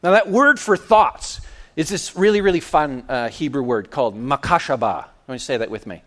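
A man preaching a sermon in an animated, playful way, acting out little scenes and quotes. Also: mid-range voice, moderate pace.

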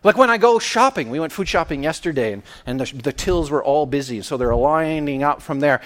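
A man preaching a sermon in an animated, playful way, acting out little scenes and quotes. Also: on the high side, moderate pace, hardly any pauses.

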